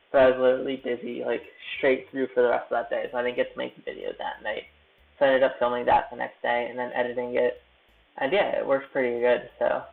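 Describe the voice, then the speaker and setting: A man's voice: medium pitch, gravelly. A young man chatting casually on his live stream from a hotel room, rambling and self-deprecating as he edits. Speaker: YouTube creator live-streaming. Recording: tinny phone-like audio.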